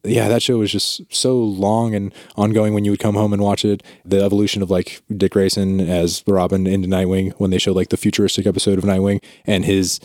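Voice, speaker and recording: Relaxed low-voiced man in casual chat. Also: fairly quick, hardly any pauses, dry recording, clean studio sound. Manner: rambling with many likes and restarts.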